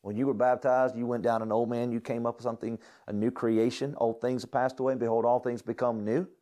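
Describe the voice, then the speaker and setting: A young man delivers a lecture like a sermon at a ministry school. He is fervent and exhorting, and his voice sits at a middle pitch. He climbs in intensity and then drops into soft, quiet prayer. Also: level tone, a little fast.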